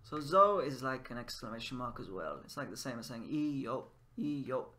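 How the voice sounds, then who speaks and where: A man's voice: mid-range voice, lively intonation, normal speed, sharp tone. A man giving casual gameplay commentary while teaching Japanese, trying out phrases and explaining them in English as he plays. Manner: switches between Japanese phrases and English explanations, musing aloud. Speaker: language teacher playing a game.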